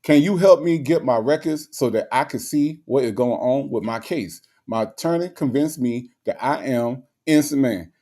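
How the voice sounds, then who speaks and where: Brief: man doing a jailed guy pleading innocence, lower and plodding, broken repetitive phrasing. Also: darkish tone, natural voice.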